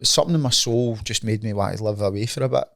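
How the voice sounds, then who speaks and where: A man's voice: lowish voice, fast, creaky, no room sound, clean studio sound. A Scottish man in his late thirties, a fighter guest on a podcast, chatting casually, swearing freely and often asking "you know what I mean". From Scotland. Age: 30s.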